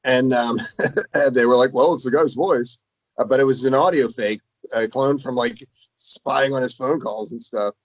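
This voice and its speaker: A man's voice: medium pitch, fairly even intonation, moderate pace, dry recording, lo-fi sound. A man co-hosting a casual talk show, musing thoughtfully with lots of fillers. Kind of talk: casual chat.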